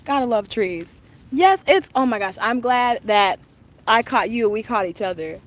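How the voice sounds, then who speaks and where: Brief: young woman, travel vlogger, high bright lively voice, gushing and chatty, live phone stream outside with park noise around her. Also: unhurried. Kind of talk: live-streamed walking tour. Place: outdoor lakeside park. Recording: outdoor noise, wind and ambience.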